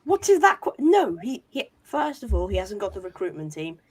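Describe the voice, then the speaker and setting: A woman on a casual fan panel, excitable and quick to object. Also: mid-range voice, slightly rough. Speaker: panel guest. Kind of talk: casual chat.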